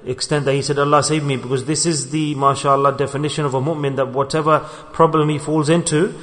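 A man giving a sermon, telling a story in a conversational, animated way. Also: a little high, fast. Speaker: preacher. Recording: long hall reverb.

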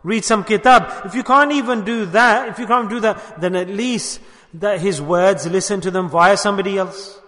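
Male preacher, high and bright, exhorting in a storytelling way, long hall reverb. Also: moderate pace, hardly any pauses. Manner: storytelling, exhorting, mixing Urdu and Arabic religious terms. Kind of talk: sermon.

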